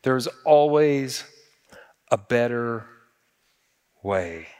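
A man's voice: mid-range voice, lively intonation, extremely slow, darkish tone, clear, resonant tone, long reverb tail. A man preaching a sermon as a pastor, talking conversationally and asking the congregation rhetorical questions.

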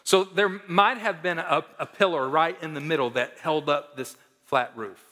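A man preaching a sermon as pastor, emphatic, swinging between loud declarations and hushed asides. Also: a little high, normal speed, big-room sound.

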